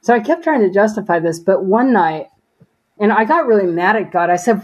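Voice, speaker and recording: A woman tells her personal faith story as a guest in a conversation. She speaks earnestly, with a lot of "you know" and "like". Her voice sits at an ordinary middle pitch. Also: animated, brisk, a little mellow, slightly rough, poor audio. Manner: earnest storytelling, acts out remembered dialogue, frequent "you know" and "like". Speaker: interview guest.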